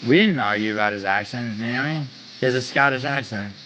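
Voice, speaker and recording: A man's voice: mid-range voice, fairly quick, sharp tone, a little hiss or hum, low-quality recording. A man hosting a livestream in casual chat with his viewers, brash and profane, trash-talking and bragging. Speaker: livestream host.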